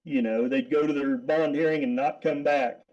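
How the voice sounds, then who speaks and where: A man's voice: medium pitch, steady tone, moderate pace, darkish tone, dull audio. A middle-aged man, a guest, telling a story casually, rambling with repeated words and frequent laughs.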